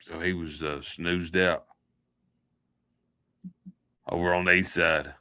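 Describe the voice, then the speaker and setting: A man's voice: low voice, flat delivery, slow, pauses often, sharp tone, smooth. A man hosting a livestream, rambling through a joking, folksy sign-off chat. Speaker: livestream host.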